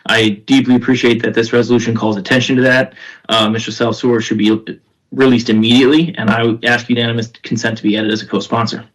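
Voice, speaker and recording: A man's voice: mid-range voice, little pitch movement, fast talker, low-quality recording. Man speaking as a county supervisor. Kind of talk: formal committee remarks. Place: county committee hearing room.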